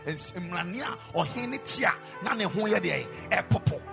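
A man preaching a sermon in a chapel, moving between quiet speech and loud sung exhortation. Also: high-pitched, expressive, normal speed, creaky, over music.

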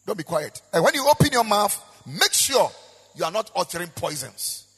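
A man's voice: high voice, very animated, normal speed, a bit bright, breathy edge. A man with a Ghanaian accent preaching a sermon as pastor, with a sing-song, repetitive delivery. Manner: preaching with sung, rising and falling emphasis and repetition. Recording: echoey hall with long reverb.

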